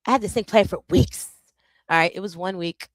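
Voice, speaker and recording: A woman content creator chatting casually and jokingly to her viewers on a live stream, animated and self-interrupting. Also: fairly low pitch, brisk, no room sound.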